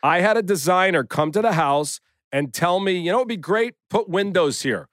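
A middle-aged man hosting a podcast in casual chat, an animated storyteller who acts out quotes. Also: high voice, moderate pace, no room sound. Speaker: podcast host.

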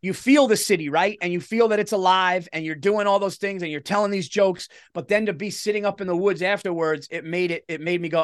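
A middle-aged man, a comedian guest telling stories in a rambling, animated way. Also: high voice, a little fast, few pauses, no room sound, clean studio sound. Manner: animated, rambling, self-interrupting. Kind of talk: casual interview storytelling.

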